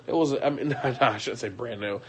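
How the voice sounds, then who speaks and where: A vlogger speaking in an ordinary middle pitch addresses his audience directly in an agitated, confessional monologue, his voice leaping from loud outbursts to hushed, low passages. He restarts sentences often and swears bluntly while recounting what happened. He talks a little fast, and there's noisy background sound.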